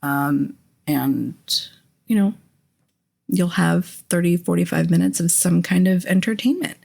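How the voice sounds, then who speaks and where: A woman hosting her own podcast in casual solo talk, candid and rambling, with a hoarse, phlegmy voice and frequent restarts. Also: fairly low pitch, unhurried, warm tone. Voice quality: raspy, phlegmy voice with a lingering cough. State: hoarse throat. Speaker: podcast host.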